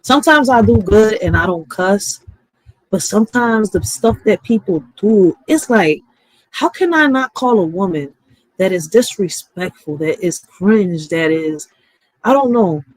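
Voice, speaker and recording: A woman's voice: medium pitch, lively intonation, a little slow, no echo, rough recording. A woman in her thirties chatting casually on a live stream, candid and rambling, often swearing and asking "right?". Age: 30s.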